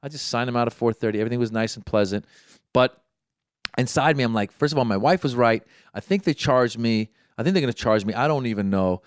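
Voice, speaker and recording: A man from Iran, a doctor, telling a long story in casual chat, rambling, repeating himself and jumping high when he acts out his own thoughts. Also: lively intonation, fast talker, clear, resonant tone, dry recording, studio quality.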